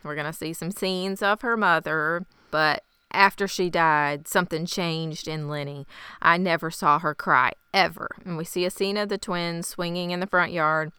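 A woman's voice: fairly low pitch, steady tone, normal speed, sharp tone, clear, resonant tone, dry recording. A woman hosting a podcast, casually recapping an episode from her notes in a chatty, wry way. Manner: chatty and wry, laughs easily. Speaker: podcast host.

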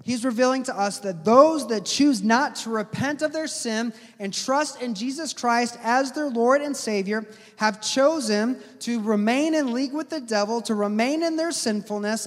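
A man preaching a sermon earnestly, slowing down to stress key words. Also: sits high. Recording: long hall reverb.

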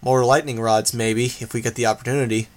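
A man's voice: medium pitch, fairly even intonation, a little fast, close to an everyday voice. A man reading an audiobook, voicing a level-headed teenage girl who speaks curtly. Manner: curt, level.

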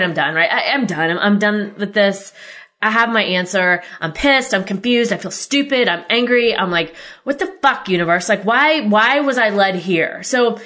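Woman podcast host venting about her own story, swears a lot, mid pitch, pretty candid. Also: a bit bright. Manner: candid and exasperated, swears freely. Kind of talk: casual personal storytelling.

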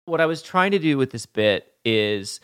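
A man's voice: mid-range voice, lively intonation, fairly bright tone, smooth. A man from Montana hosting a comedy podcast, enthusiastic and encouraging toward his guest. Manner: enthusiastic, encouraging, quick bursts. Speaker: podcast host. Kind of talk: casual podcast interview.

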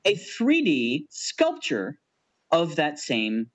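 Male podcast co-host, bantering and joking, lively slightly high voice. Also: extremely slow. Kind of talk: casual argumentative chat.

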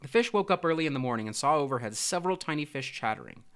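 A man narrating a storybook in an expressive, even-paced voice. He reads aloud clearly, as if to an audience of children. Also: fairly high pitch, very fast. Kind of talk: storybook reading.

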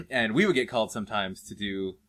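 A man in casual chat telling an anecdote in a relaxed, drawn-out way. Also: fairly low pitch.

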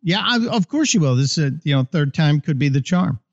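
A man co-hosting a political talk podcast, conversational and a bit halting. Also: on the high side, animated. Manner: conversational, hesitant restarts. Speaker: podcast co-host. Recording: dull lo-fi sound.

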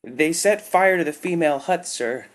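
Cowering alien worker, audiobook, stammering and raised in pitch, performed by a man. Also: measured pace, a little mellow, close to an everyday voice. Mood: sobbing. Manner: stammering, sobbing report.

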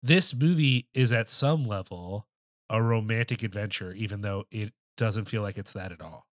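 A man's voice: lowish voice, no echo, clean studio sound. A man co-hosting a film podcast in casual discussion, thinking aloud with restarts and casual swearing. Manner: thoughtful, halting, many restarts and fillers, swears casually. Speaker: podcast co-host.

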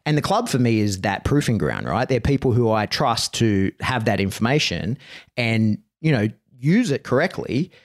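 Male podcast host, casual rambler, mid pitch, tosses in "right?" constantly, swears easily. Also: sing-song, moderate pace. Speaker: podcast host and dog trainer.

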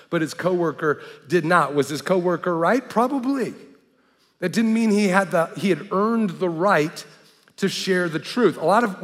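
Conversational pastor with a higher voice. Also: male voice, fairly bright tone, long reverb tail. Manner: conversational, checks in with rhetorical questions. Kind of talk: sermon.

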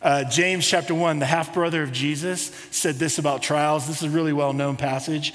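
High-voiced male pastor preaching. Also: fairly even intonation, normal speed, a bit bright, big-room sound. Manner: conversational preaching with rhetorical questions. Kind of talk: sermon.

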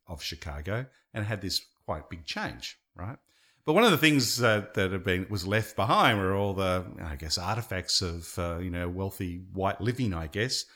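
A man co-hosting a podcast, telling a story in a conversational way that swells and dips in loudness. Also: on the low side. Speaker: podcast co-host.

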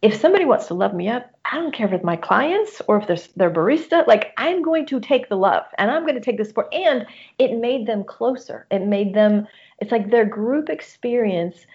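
A woman's voice: on the high side, lively intonation, normal speed, a little mellow. A middle-aged woman, a coach and guest, speaking candidly about personal loss in an earnest, open way with many restarts. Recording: muffled lo-fi audio.

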